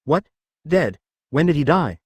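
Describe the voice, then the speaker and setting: A man's voice: a little high, very animated, slightly rough, no room sound, clean studio sound, heavily acted. A man doing a brash, bossy playboy inventor. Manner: rude, bossy, hurried.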